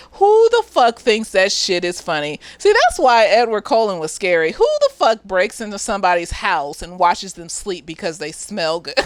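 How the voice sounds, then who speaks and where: Animated profane woman recapping a show. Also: dry recording. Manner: animated, profane, laughing often, acting out characters' lines in high squeaky voices. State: slightly tipsy. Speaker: therapist reviewing a TV episode. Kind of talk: casual recap and commentary.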